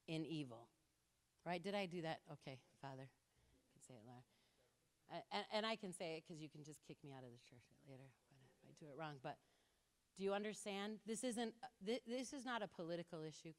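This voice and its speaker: A woman giving an impassioned talk to an audience, telling stories with lively quoted voices. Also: lowish voice. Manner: animated storytelling with quoted voices. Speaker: speaker. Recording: reverberant hall.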